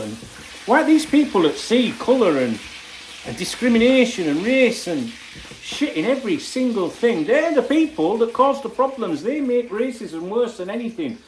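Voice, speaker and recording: A man's voice: high-pitched, roomy sound, a little hiss or hum, rough recording. An older man, casually reading out viewer comments in his kitchen, blunt and jokey with plenty of swearing. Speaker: football fan channel host. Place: home kitchen while cooking.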